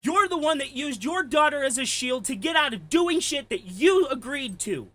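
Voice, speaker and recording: A man delivering an angry, profane ranting commentary, heated and shouting at times. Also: very high voice, animated, moderate pace. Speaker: commentary streamer.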